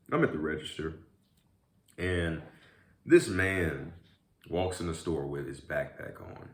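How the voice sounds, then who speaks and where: Man, very low deep voice, casual vlog chat while eating, rambling with fillers, echoey room. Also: fairly bright tone. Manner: rambling storyteller, many fillers. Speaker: vlogger.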